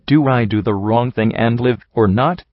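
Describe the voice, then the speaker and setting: A man voicing a calm, sorrowful male pony priest in an audiobook reading, speaking in a measured, gently reasoning way. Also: mid-range voice, no room sound, close to an everyday voice. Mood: solemn. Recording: dull lo-fi dry recording.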